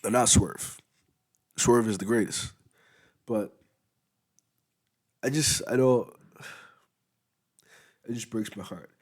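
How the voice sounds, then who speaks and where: A man's voice: on the low side, takes it slowly, pauses often, slightly rough. A man giving a rambling, casual review of a wrestling show, full of fillers, talking as he eats at home. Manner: rambling, loose, many fillers. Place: at home, eating while recording.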